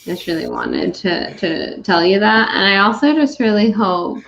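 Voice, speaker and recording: A woman's voice: mid-range voice, sing-song, moderate pace, gravelly, a bit bright, slight background noise, poor audio. A woman hosting a tipsy movie review, rambling and giggling and swearing as she talks. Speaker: show host.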